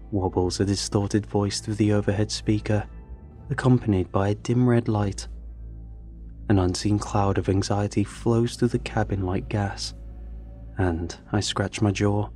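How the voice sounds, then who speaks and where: A man reading a first-person story in a measured, tense storytelling manner. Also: fairly low pitch, dark tone. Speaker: narrator. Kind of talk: scripted first-person narration.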